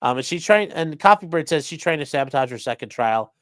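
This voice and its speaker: A man's voice: fairly high pitch, animated, a little fast, fairly bright tone, no room sound, studio quality. A man with a Great Lakes American accent hosting a casual livestream, rambling as he reads viewer comments aloud. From Midwestern United States. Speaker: livestream host. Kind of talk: casual livestream chat reading super chats.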